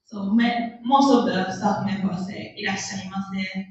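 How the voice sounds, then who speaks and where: A woman's voice: mid-range voice, fairly even intonation, a little mellow. Japanese-accented woman teaching in an echoey room. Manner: repeats words slowly, laughs often. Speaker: language teacher. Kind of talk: classroom language lesson. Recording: echoey room, distant lo-fi mic.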